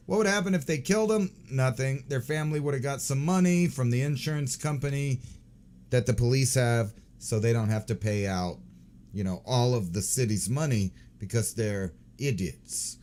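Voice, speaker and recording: A man's voice: medium pitch, moderate pace, a little mellow, slight background noise. A man in his forties hosting a show, giving crude, sarcastic, rambling commentary on news clips and swearing often. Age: 40s. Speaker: host.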